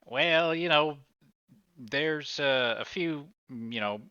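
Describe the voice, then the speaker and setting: A man voicing a shifty, evasive male railroad hand who stammers and dodges questions, pitched up and louder than his usual voice. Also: slow pace, clean tone, dry recording. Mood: flustered. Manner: nervous, stammering and dodging questions. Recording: slightly muffled, dry recording.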